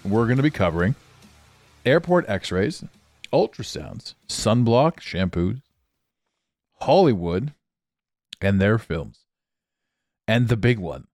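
A man's voice: fairly low pitch, big pitch swings, takes it slowly, long pauses, a little mellow, no room sound, clean studio sound. A Canadian man hosting a solo podcast, chatting in a rambling way and laughing often, recorded in a small dampened room on a travel mic. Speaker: podcast host. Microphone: portable travel mic.

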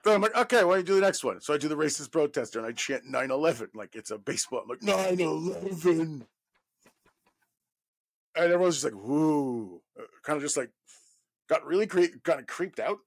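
Gravelly man telling a rambling story. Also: a little high, racing. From New York. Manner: animated, profane, filler-heavy storytelling. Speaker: actor guest. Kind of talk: casual anecdote telling.

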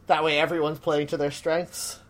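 A man's voice: on the high side, flat delivery, moderate pace, a crowd in the background. Rambling podcast co-host, man. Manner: rambling, self-deprecating, many fillers. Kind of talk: casual chat.

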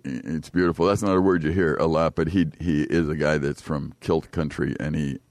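A very low-pitched American man talking on a radio show, recorded close and dry with no room in it. He moves between joking banter and earnest, preacher-like talk aimed at the listeners. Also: steady tone, moderate pace, darkish tone, no room sound. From United States. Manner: chatty, jokey, earnest preaching tone. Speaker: radio co-host. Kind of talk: casual faith talk-radio chat. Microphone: studio microphone.

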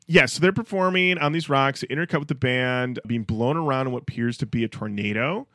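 A man co-hosting a podcast in casual chat, retelling scenes with animated little voices. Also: mid-range voice, brisk, no echo, studio quality. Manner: animated storytelling, acts out bits. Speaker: podcast co-host.

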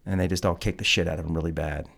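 A man's voice: sits low, fairly even intonation, racing, creaky, fairly bright tone, husky. A man hosting a podcast, recapping a film in a casual, profane and incredulous rant. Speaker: podcast host. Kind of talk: casual film review chat.

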